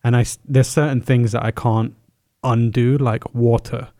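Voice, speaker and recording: A man's voice: medium pitch, flat delivery, normal speed, dark tone, dry recording, studio quality. A man from Pakistan with an East London accent, English his second language, chatting casually as a podcast co-host. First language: not English. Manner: careful, self-monitoring speech. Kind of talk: casual chat.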